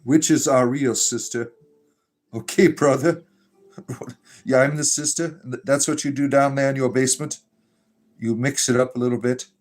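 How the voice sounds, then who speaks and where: A man's voice: medium pitch, steady tone, moderate pace. A man hosting a casual livestream, reading chat messages aloud in a joking, irreverent way and laughing often.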